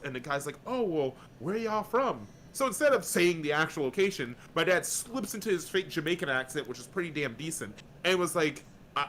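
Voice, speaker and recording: A man from Florida, a guest on a casual podcast, telling lively stories and swearing freely. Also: fairly high pitch, slight background noise. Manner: animated storyteller, slips into quick voices, swears freely.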